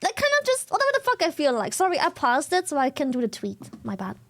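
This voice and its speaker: A woman's voice: high-pitched, wildly swooping pitch, fast talker. Giggly German-accented young woman streamer. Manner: giggly, laughs often; chatty, thanks viewers repeatedly. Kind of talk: casual stream chat.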